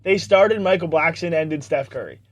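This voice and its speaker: A young man co-hosting a podcast, joking and firing off quick comebacks with a lot of laughter. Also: fairly high pitch, muffled recording. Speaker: podcast co-host. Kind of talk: casual banter.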